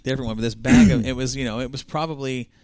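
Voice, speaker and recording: A man's voice: medium pitch, fast talker, no echo, clean studio sound. A man co-hosting a racing talk show, telling stories in casual chat and acting out the quotes. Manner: animated storyteller, acts out quotes.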